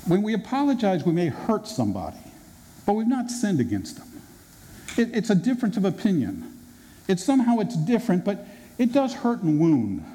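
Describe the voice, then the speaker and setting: Animated preacher man in an echoey hall. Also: a little high. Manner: conversational, animated, acts out quotes. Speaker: pastor. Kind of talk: sermon. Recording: reverberant hall with faint noise.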